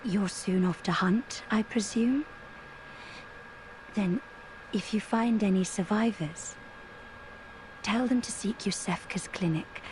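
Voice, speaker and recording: An actress playing a polite, composed woman doctor who speaks softly and courteously. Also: mid-range voice, slight background noise, natural voice, low-quality recording. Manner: courteous, soft, measured. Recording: game audio with faint ambience.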